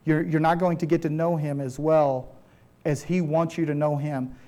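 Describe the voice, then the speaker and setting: A man's voice: a little high, steady tone, moderate pace, dark tone. A man preaching a sermon to his congregation in an earnest, conversational way, often restarting his phrases. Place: church.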